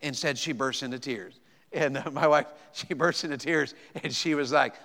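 In an echoey church hall, a pastor in his 50s delivers a sermon full of forceful appeals to his congregation and stammered repetitions. He speaks at a moderate pace in a mid-range voice that is gravelly with a sharp edge. The setting is a church sanctuary.

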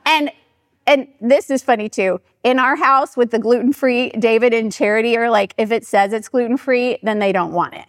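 A woman's voice: fairly high pitch, moderate pace, no echo, studio quality. A middle-aged woman, a pastor's wife, giving a chatty storytelling talk to her church and acting out what people said. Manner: chatty and animated, acting out quoted voices.

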